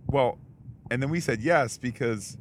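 A man's voice: mid-range voice, unhurried, a little hiss or hum. A man co-hosting a podcast in casual chat, telling a story in a rambling way with many fillers and restarts. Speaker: podcast co-host.

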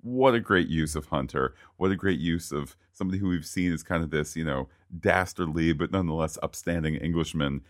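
A man co-hosting a podcast, chatting casually and eagerly about a TV episode, often rising into excited bursts. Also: rumbling low, a little fast, hardly any pauses, no room sound, studio quality. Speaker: podcast co-host.

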